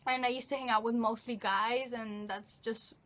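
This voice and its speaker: With a fairly high, steady and slightly bright voice at a moderate pace, a nineteen-year-old woman rambles through a casual get-to-know-me Q&A on her vlog, often using fillers and restarting her sentences.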